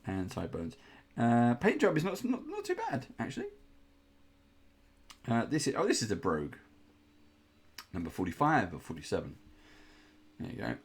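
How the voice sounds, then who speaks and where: Unboxing miniatures indoors, this host has a mid-range, slightly rough voice whose pitch swoops wildly. He keeps a moderate pace broken by long pauses, chatting and rambling casually and groaning in mock disgust.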